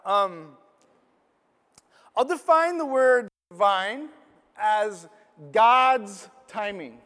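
Brief: middle-aged male pastor, higher voice, storytelling sermon, long hall echo. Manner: personal storytelling, animated and self-deprecating.

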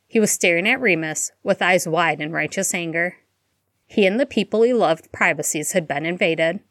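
A woman reading a fan-fiction story aloud in a steady, even storytelling manner. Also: on the low side, dry recording, studio quality. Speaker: audiobook reader.

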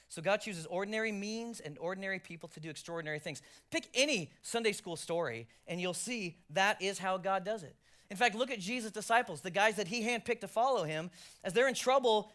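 A male pastor preaching a sermon, swinging from loud emphasis to hushed near-whispers, with jokey self-deprecating asides. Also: high voice.

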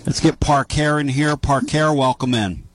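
A man's voice: a little high, moderate pace, dry recording. A man hosting a call-in sports radio show, arguing his points with emphasis and taking callers. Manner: emphatic, animated, argumentative.

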